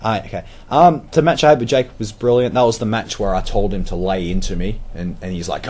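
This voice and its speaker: A man's voice: on the low side, fast, hardly any pauses, a little hiss or hum. An Australian man guesting on a podcast, telling wrestling stories in casual chat, swearing freely with lots of fillers. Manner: swears freely, animated retelling with repeated fillers.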